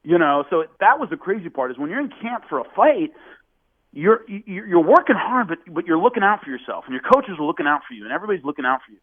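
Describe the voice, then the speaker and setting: A man's voice: fast, no room sound. A man telling a story as a podcast guest, acting out quotes in a raised voice. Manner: animated, acts out quotes with raised pitch. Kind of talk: casual storytelling. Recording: phone-like narrow band.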